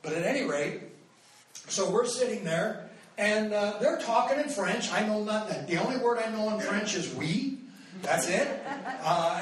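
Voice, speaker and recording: High-voiced preacher in an echoey hall. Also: male voice, a little hiss or hum. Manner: animated, rambling with restarts and fillers. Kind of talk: storytelling sermon. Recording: echoey hall, mic far off.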